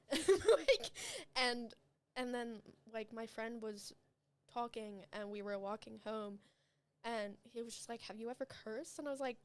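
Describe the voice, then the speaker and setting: A young woman on a podcast, telling loose, rambling stories and breaking into giggles. Her voice sits fairly high, and she chats in a relaxed, casual way. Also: slow pace, clean tone. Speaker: guest.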